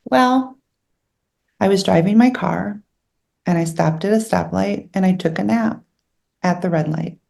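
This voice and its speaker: A woman's voice: mid-range voice, measured pace, vocal fry, pauses often, darkish tone. A middle-aged woman telling her own story as an interview guest, earnest and candid, emotional as she recalls hard moments.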